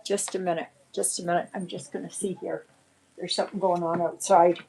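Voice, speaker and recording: A woman's voice: on the low side, flat delivery, fairly quick, vocal fry, dark tone, slight background noise. A woman hosting a casual livestream, rambling in a shaken, indignant way. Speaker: livestream host.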